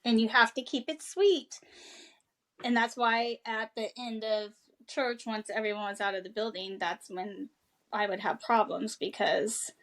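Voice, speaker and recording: A woman co-hosting a podcast, speaking outspokenly and mocking herself with quick asides. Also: a little high, fairly even intonation. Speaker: podcast co-host. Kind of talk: candid casual conversation.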